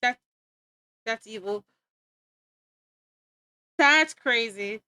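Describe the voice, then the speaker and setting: High bright giggly young woman streamer. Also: drawn-out words, clean tone, no echo, clean studio sound. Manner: giggly, easily sidetracked, talks to chat and friends. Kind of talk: casual rambling stream chat.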